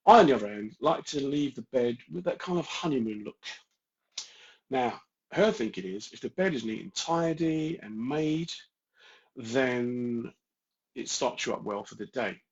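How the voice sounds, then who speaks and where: A man's voice: medium pitch, lively intonation, unhurried, dull audio. Straight-talking London man on a live stream. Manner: straight-talking, jokey, addresses viewers by name. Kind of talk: casual live-stream chat reading viewer comments.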